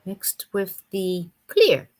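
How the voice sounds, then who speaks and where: A woman co-hosting a live vintage sale in casual chat, unhurried and quick to laugh. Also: medium pitch, big pitch swings.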